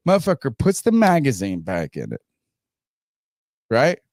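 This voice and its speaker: Profane and animated, this male podcast host shouts out quoted lines as he casually recounts a story. He speaks at a medium pitch and an unhurried pace, captured in clean studio sound without echo.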